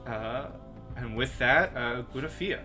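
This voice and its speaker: A man running a tabletop game as game master, narrating monster moves and rolls in a measured, pausing way. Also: medium pitch, bright, forceful tone, faint music behind.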